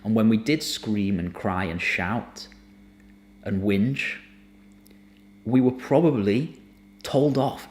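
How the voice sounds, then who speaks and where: A man teaching somatic emotional release in a gentle, earnest, unhurried way, sometimes dropping almost to a whisper. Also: medium pitch. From United Kingdom. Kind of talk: reflective spoken teaching to camera.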